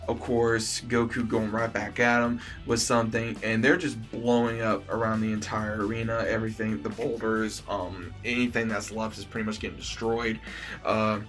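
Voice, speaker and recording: Low-voiced man rambling through a recap. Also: fairly bright tone. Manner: rambling play-by-play with fillers and repeated "he says". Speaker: anime episode reviewer. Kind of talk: casual episode recap.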